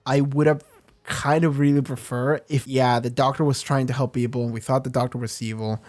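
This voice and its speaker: A man's voice: medium pitch, flat delivery, fairly quick, a little mellow. Rambling, swearing man reviewing an episode. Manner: rambling, candid, swears casually, many restarts. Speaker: reaction video host. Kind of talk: casual spoken review.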